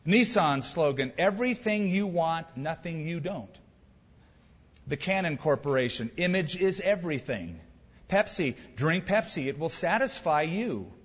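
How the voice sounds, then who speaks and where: Male pastor, fairly high husky voice, emphatic conversational sermon, dull hall recording. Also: sing-song, a little slow. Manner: emphatic, conversational preaching with asides.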